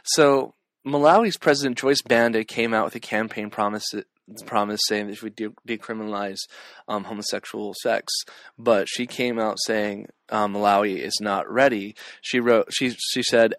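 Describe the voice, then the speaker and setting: A man's voice: lowish voice, fairly even intonation, moderate pace, dry recording. A man from California doing a casual news roundup vlog, talking hesitantly with many ums and restarts. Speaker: vlogger and community organizer.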